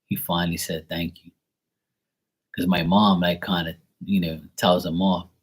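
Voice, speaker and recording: A man's voice: low voice, flat delivery, measured pace, husky. A man in his forties telling a rambling family story in a casual way, with lots of filler words. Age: 40s. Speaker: tarot reader and channel host.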